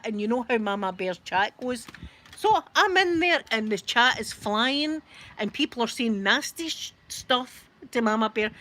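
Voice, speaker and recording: A woman's voice: on the high side, fairly bright tone. A Scottish woman chatting casually to a live audience from her rocking chair at home, rambling and laughing often. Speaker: YouTube live streamer.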